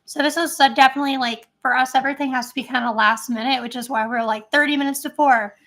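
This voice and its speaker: A woman's voice: high-pitched, fairly even intonation, quick pace, fairly bright tone. A woman chatting casually on a live stream at home, rambling and giggly as she tries snacks. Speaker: vlogger.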